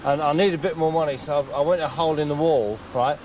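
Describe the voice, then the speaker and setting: A boastful, dim male celebrity who drops famous names, played by a man in a comedy sketch. He speaks, rambling through his stories and tacking "right?" onto every line. His voice sits a little high for a man, with a faint hiss of noise behind it. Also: steady tone, quick pace, darkish tone, natural voice. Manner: rambling, chatty, keeps saying "right?". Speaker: comedian in character. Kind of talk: comic monologue.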